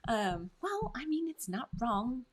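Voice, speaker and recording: A young woman co-hosting a casual vlog chat, soft-spoken and hesitant, with frequent ums. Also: fairly high pitch, big pitch swings, slow pace. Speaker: YouTube channel co-host.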